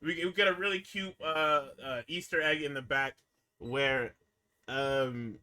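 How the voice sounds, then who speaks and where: A man's voice: on the high side, unhurried, pushed and bright, clean tone. A man co-hosting a podcast, recapping wrestling in casual, profane chat, acting out quotes and laughing often.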